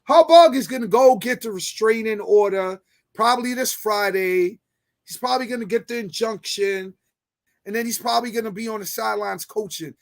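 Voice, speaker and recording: Sports talk host, male, high-pitched, brash, argumentative, slangy. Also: normal speed, vocal fry. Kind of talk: casual sports chat.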